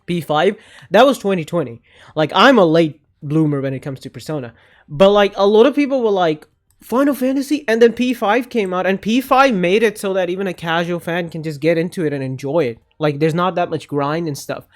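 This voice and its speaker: A man's voice: sits high, brisk. Rambling young man with gaming hot takes. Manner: rambling, animated, self-interrupting. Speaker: gaming video creator. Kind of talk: casual opinion commentary.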